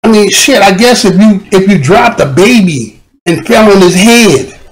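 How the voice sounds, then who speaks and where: A man with a fairly high voice talks into his live stream in a loose, unscripted rant. He swears constantly and rambles with street slang. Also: expressive, a little slow, low-quality recording.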